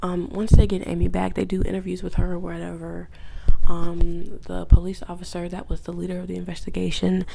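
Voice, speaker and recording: A woman's voice: on the low side, completely flat delivery, fairly quick, creaky, dark tone, slight background noise. A woman vlogger giving a casual, rambling, profane recap, often dropping into whispered asides. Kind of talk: casual video essay recap.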